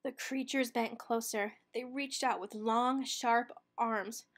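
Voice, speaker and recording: A woman narrating a children's picture book read-aloud with expressive storytelling. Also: a little high, slow.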